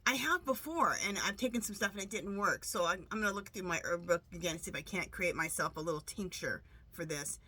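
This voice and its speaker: A woman tarot reader talks to her viewers in a loose, rambling way, often restarting her sentences. Her voice is bright and forward, and her nose is stuffed up from allergies. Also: on the low side, animated, brisk, slightly rough, no room sound. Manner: chatty, rambling, many restarts. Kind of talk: casual monologue to camera.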